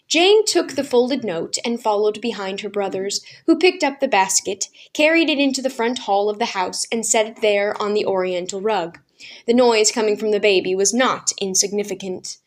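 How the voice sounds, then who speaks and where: A woman narrating a children's book aloud as a storyteller, calm and even. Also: medium pitch, moderate pace.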